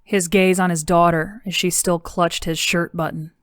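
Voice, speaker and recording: A woman reading an audiobook in a steady, even narration. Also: lowish voice, normal speed, no room sound, studio quality. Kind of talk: scripted narration.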